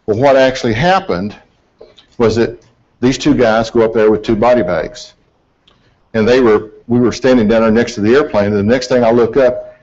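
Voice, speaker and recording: A man's voice: medium pitch, darkish tone. A middle-aged man, an accident investigator giving a presentation and telling a folksy, self-deprecating story. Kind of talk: presentation to an audience. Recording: dull lo-fi hall recording.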